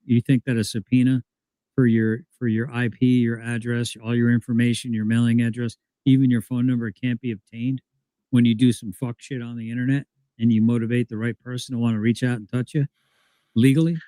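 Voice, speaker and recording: A man's voice: medium pitch, little pitch movement, brisk, warm tone, dry recording, poor audio. A man co-hosting a livestream, giving warnings in a blunt, profane way and repeating his phrases. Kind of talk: casual livestream commentary.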